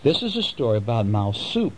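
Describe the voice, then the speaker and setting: A father reading a bedtime storybook to his children at home, chatting gently and coaxing them with questions. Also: medium pitch, big pitch swings, fairly quick, slight background noise, low-quality recording.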